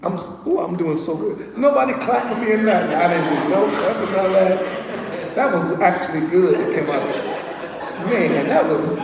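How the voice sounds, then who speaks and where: A man preaching a sermon in a streetwise, joking way, swinging from soft asides to shouted peaks. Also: high-pitched, lively intonation, moderate pace, a crowd in the background. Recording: echoey hall from far off.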